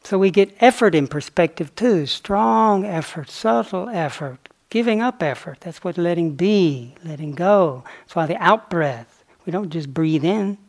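A man giving a dharma talk on retreat as a meditation teacher, reflective and unhurried, with playful asides. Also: sits high, lively intonation.

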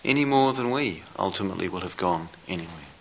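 A man giving a dharma talk as a meditation teacher, speaking slowly and reflectively with long pauses. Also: deep voice, lively intonation, slight background noise. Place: meditation hall.

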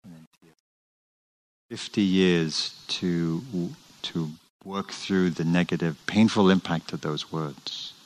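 Low-voiced man giving a dharma talk. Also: slow pace, a little hiss or hum, poor audio. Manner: animated storytelling, with restarts. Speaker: meditation teacher. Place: meditation center hall.

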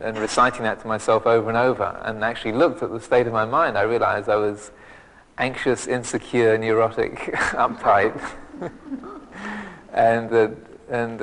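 A man's voice: on the low side, in a large hall, rough recording. A man, a monk teacher, giving a dharma talk with many restarts and fillers and a self-mocking humor. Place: monastery meditation hall.

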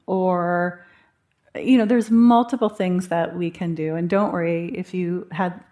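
A woman leads a dharma talk at a meditation retreat, her voice sitting somewhat low. She speaks conversationally, thinking aloud with gentle humor as she teaches. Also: steady tone, slow.

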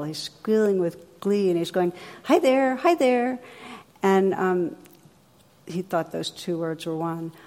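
A woman from New Jersey, working as a meditation teacher, tells a story in a gentle, unhurried dharma talk with soft pauses. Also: on the low side. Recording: long reverb of a hall.

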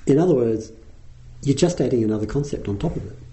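Giving a dharma talk, this middle-aged Australian meditation teacher explains at an easy pace, saying "um" a lot. His mid-range voice has lively intonation and a dark tone, in a low-quality recording.

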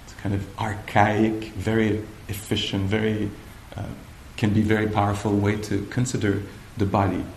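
Low-voiced man giving a dharma talk. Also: monotone, gravelly, slight background noise. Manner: gentle, playful, pauses often. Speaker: meditation teacher. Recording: roomy hall with faint ambience.

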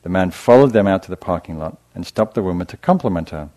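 Soft-spoken deep-voiced meditation teacher. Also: male voice, lively intonation, fast talker. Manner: gentle, soft-spoken, hesitant with fillers and restarts. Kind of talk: dharma talk to a live audience.

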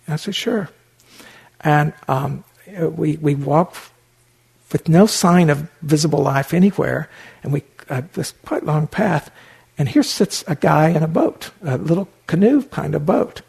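Older man with a gravelly, husky voice. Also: on the high side, lively intonation, unhurried, a little mellow. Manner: anecdotal, wry, many fillers and restarts. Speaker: meditation teacher. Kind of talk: dharma talk storytelling.

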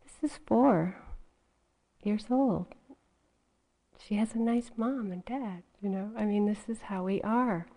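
A woman's voice: medium pitch, takes it slowly, pauses often, mellow, poor audio. A woman meditation teacher giving a dharma talk in a conversational way, often adding "you know" as she goes.

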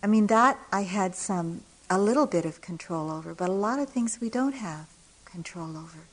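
A middle-aged woman, a meditation teacher, telling a personal story in a dharma talk with gentle pauses and soft laughs. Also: mid-range voice, animated, low-quality recording. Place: retreat center hall.

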